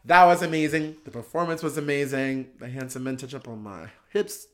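A podcast guest and drag performer telling a casual story, animated and full of filler words and restarts, laughing and swearing along the way. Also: medium pitch, a little fast. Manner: laughs while talking.

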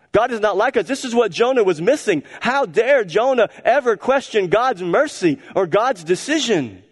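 A man preaching a sermon as pastor, emphatic and repetitive, swinging between loud and hushed. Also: high voice. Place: church sanctuary. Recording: church hall reverb.

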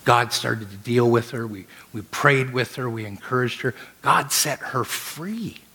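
A man preaching a sermon in a middle pitch and telling a story to his listeners. He is lively and acts out the voices of the people in his story. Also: a little slow, slightly rough. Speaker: pastor.

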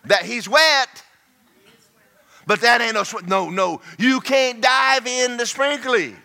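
A man's voice: very high voice, slow pace, creaky, sharp tone. A man preaching a sermon as pastor, folksy and repetitive, speaking in bursts.

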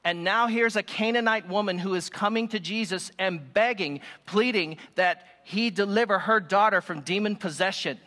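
A man preaching a sermon to a room of listeners, telling stories with lively emphasis. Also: high voice, big-room sound. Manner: animated, emphatic storytelling preaching.

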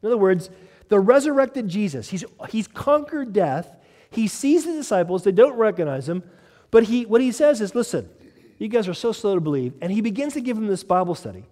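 A man preaching a sermon as pastor, animated, acting out quoted lines and laughing as he goes. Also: high-pitched, brisk. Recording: long reverb of a large hall.

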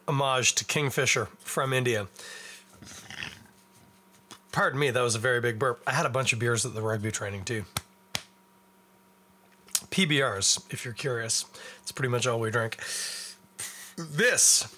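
A man's voice: medium pitch, bright, forceful tone. A young Canadian man hosting a podcast, chatting casually and rambling in a self-deprecating way. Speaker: podcast host. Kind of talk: casual solo podcast chat.

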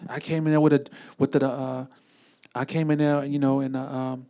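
Man doing a jealous job seeker, whiny, high-pitched, halting, complaining. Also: flat delivery, mellow, close to an everyday voice. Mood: indignant.

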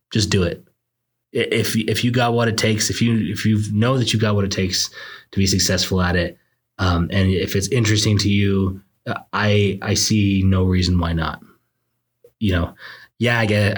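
A man's voice: low-pitched, slightly rough. A young man, a law student, hosting a casual solo podcast, talking in a rambling, reflective and self-deprecating way. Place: indoors late at night.

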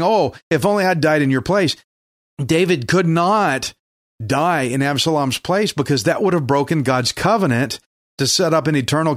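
A man's voice: on the high side, no echo, studio quality. A male pastor teaching the Bible on a radio program, earnest and emphatic, acting out the quoted lines.

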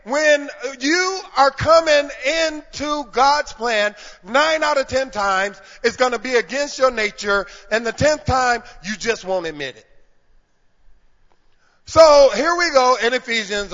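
A man preaching a sermon in church, calling out to the congregation and swinging from hushed talk to shouting. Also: very high voice, lively intonation, slow pace. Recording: reverberant hall, dull lo-fi sound.

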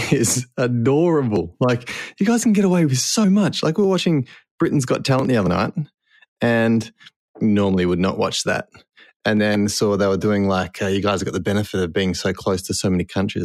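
A man's voice: lowish voice, no room sound. Chatty Australian man, dry sound. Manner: rambling, laughing, heavy use of "like". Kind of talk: casual chat.

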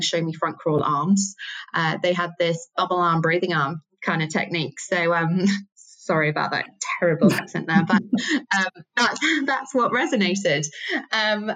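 A woman's voice: on the low side, a bit bright, rough recording. A woman in her thirties from England, a sports marketing director answering interview questions in a chatty way, with frequent ums and self-corrections. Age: 30s.

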